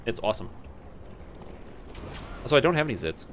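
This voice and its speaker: A man's voice: mid-range voice, very animated, fairly quick, fairly bright tone, a little hiss or hum. A young man streaming a game, chatting casually and rambling through stories. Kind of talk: casual chat while gaming. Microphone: webcam-streaming setup.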